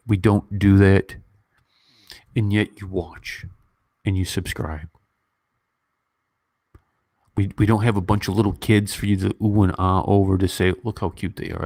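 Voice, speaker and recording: A man in his fifties talks casually on a livestream, his voice sitting a little low and his nose stuffy from earlier crying. He wanders from thought to thought with plenty of ums and restarts. The sound is dry and close, with almost no room around it. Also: darkish tone, no room sound. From United States. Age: 50s. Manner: rambling, emotional, many fillers and restarts. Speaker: YouTube movie reviewer.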